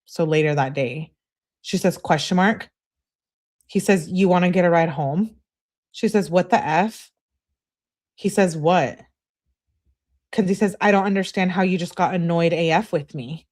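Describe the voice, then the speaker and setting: Low-voiced woman reading texts aloud. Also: normal speed, pauses often, darkish tone. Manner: chatty, talks straight to her viewers. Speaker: true crime commentary host. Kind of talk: reading text messages aloud with commentary.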